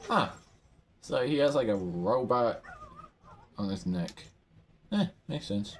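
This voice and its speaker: A man rambling through a game's item shop in casual commentary, excitable, his voice often jumping up high. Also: takes it slowly, slight background noise. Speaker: gamer browsing an item shop.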